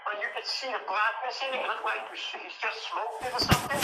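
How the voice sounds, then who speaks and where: A man's voice: extremely high pitch, quick pace, very noisy. A man guest in a casual interview, telling a long story bluntly and profanely, rambling with restarts. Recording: echoey room with music behind.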